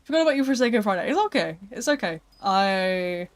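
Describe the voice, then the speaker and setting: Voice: medium pitch, lively intonation, quick pace. A live streamer chatting casually with viewers, rambling a little and filling gaps with "like" and "um". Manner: chatty and rambling, with frequent "like" and "um" fillers.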